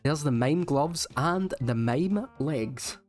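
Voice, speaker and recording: A man's voice: fairly high pitch, animated, slow pace, soft background music. Wry male gaming voice-over. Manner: wry, self-mocking banter. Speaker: gaming YouTuber. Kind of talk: casual game commentary voice-over.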